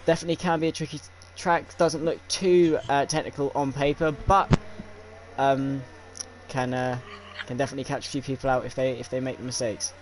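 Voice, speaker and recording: A young man commentating a sim racing league stream, with many fillers and pauses. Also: mid-range voice, level tone, a little hiss or hum. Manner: filler-heavy, hesitant play-by-play. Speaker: lead commentator.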